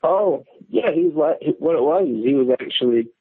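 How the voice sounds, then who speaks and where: A man's voice: fairly high pitch, expressive, brisk, breathy edge. A man calling in, telling a story in a rambling, casual way, full of fillers and restarts. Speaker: caller. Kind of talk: casual storytelling on a call-in show. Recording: tinny phone line.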